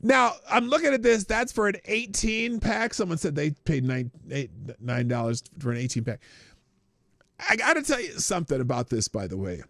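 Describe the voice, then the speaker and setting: A man hosting a casual political commentary show, talking in sarcastic, animated rants full of laughs and restarts. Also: sits high, moderate pace, vocal fry, no echo, studio quality. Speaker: show host.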